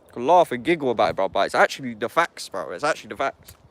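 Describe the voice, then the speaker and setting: A man's voice: medium pitch, sing-song, fast talker, fairly bright tone, no room sound. A young man with an English accent, delivering an angry, profane monologue to camera. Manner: angry, profane, heavy use of slang address.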